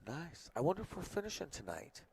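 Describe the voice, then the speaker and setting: Gravelly-voiced male pool commentator. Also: fairly high pitch, very animated, a little fast. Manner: chatty, joking, drops to a hush during shots. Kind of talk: casual color commentary.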